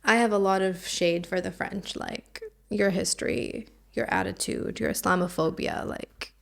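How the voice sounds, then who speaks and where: A woman's voice: mid-range voice, moderate pace, vocal fry. A woman hosting a casual podcast, sassy and opinionated, rambling with lots of "like"s. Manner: puts on a mock French accent. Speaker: podcast host.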